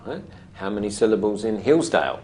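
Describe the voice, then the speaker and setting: A language teacher explaining syllable stress to a class, modelling words slowly and deliberately, and prompting students with short questions. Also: deep voice, big pitch swings, a loud crowd.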